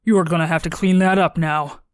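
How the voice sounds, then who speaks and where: A man's voice: fairly high pitch, steady tone, fairly quick, clean tone, no echo, studio quality, close to an everyday voice. A woman voicing a crude, leering male office clerk with a brash, jeering manner in an audiobook. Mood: mocking glee.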